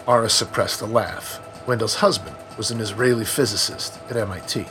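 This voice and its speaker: A man narrating a story in a plain, steady storytelling way. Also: on the low side, fairly quick, over music. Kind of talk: scripted audiobook narration.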